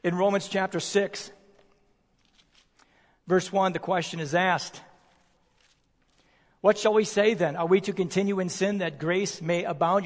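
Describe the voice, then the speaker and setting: A male preacher delivering a sermon, emphatic, posing rhetorical questions and slowing down to stress key words. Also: high voice. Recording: long reverb of a large hall.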